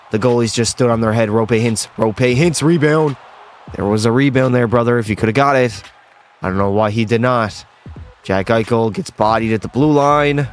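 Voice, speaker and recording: A young man giving excitable, exasperated play-by-play commentary on a hockey video game, often yelling at the players. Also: mid-range voice. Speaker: gaming YouTuber.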